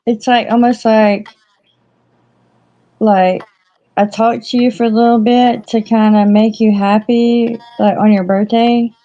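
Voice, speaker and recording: A chatty woman with a fairly high voice, talking casually and filling her sentences with fillers. The sound is muffled and lo-fi. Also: little pitch movement, a little slow, dark tone. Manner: chatty, frequent fillers and laughs. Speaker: co-host. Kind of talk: casual chat. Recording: dull lo-fi audio.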